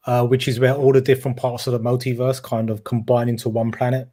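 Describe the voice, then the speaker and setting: A man's voice: mid-range voice, level tone, fast talker, warm tone. A man with a Cockney accent from London's East End, co-hosting a casual film chat and rambling with hesitant restarts. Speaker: podcast co-host.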